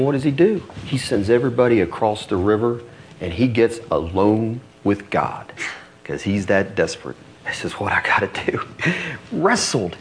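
A man's voice: medium pitch, a little hiss or hum. A middle-aged man preaching a sermon, telling the story with acted-out voices and rising intensity. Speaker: pastor.

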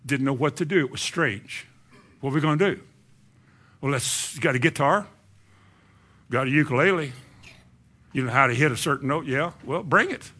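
Bright-voiced preacher man. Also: a little high, breathy edge. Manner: conversational preaching, asks the congregation questions. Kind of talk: sermon.

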